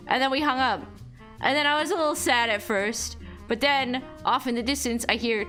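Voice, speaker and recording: A young woman streamer chats her way through a story, circling back on herself with endless "like" and "you know what I mean". Her voice sits a little high and sounds very bright and forward. Soft music plays faintly behind her. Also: animated, brisk. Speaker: livestreamer. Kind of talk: casual storytelling chat.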